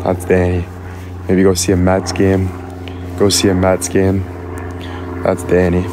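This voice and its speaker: A man's voice: sits low, completely flat delivery, background noise. A man chatting live with his viewers, teasing and joking, laughing often and thanking people by name. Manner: teasing, playful, quick to laugh. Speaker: live streamer. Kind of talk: casual live-stream chat with viewers.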